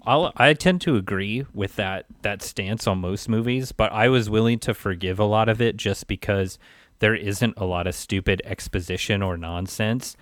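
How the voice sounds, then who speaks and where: A man's voice: lowish voice, normal speed, no room sound. A man in a casual film discussion, rambling with many fillers and restarts.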